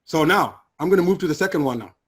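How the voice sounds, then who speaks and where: A man's voice: lively intonation, quick pace, breathy edge. Earnest man telling a personal testimony. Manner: earnest, emotional, drops low and quiet for hard memories. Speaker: guest sharing personal testimony.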